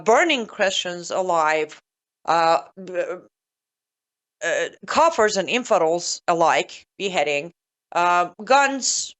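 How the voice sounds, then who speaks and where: Female commentator, sarcastic and emphatic, mid-pitched voice. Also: a bit bright. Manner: sarcastic, emphatic, repeats points for stress. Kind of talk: solo political commentary.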